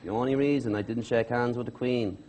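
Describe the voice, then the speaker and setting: A man doing a deadpan rugby star in an ad. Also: medium pitch, brisk, background noise, voice pushed down, natural voice. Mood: earnest. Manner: flat, earnest ad-read. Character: solemn male rugby star in an advert. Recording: TV studio with audience.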